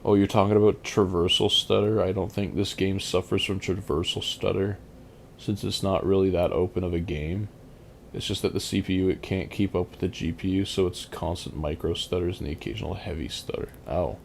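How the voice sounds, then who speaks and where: A man's voice: low voice, fairly even intonation, fairly quick, vocal fry, a little hiss or hum. A man streaming a game, chatting casually and rambling as he reads and answers his chat.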